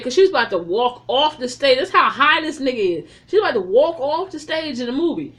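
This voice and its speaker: A woman's voice: high voice, fairly quick, hardly any pauses. Woman cursing through a casual movie recap. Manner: animated storytelling, heavy slang and cursing. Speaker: film reviewer.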